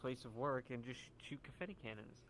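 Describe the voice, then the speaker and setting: A man's voice: medium pitch, animated, fairly quick, fairly bright tone, a little hiss or hum. A man in a casual roleplay chat, talking eagerly and playfully.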